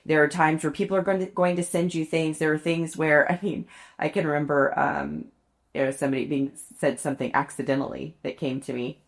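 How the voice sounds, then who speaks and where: A woman co-hosting a podcast has a deep, gravelly voice, speaks briskly, and keeps her intonation fairly even. She tells self-deprecating stories in casual chat and laughs often.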